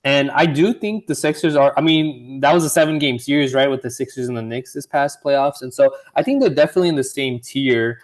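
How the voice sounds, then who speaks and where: A man's voice: medium pitch, brisk, few pauses. A man co-hosting a casual sports podcast, arguing his side with many restarts and easy laughs. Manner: hesitant, many restarts and fillers, laughs easily. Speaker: podcast co-host.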